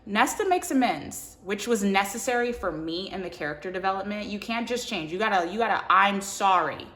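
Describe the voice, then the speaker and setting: A woman reviewing a book in an animated, casual way, full of "like" and quick acted-out character lines. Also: mid-range voice. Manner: animated, filler-heavy, acts out characters' lines.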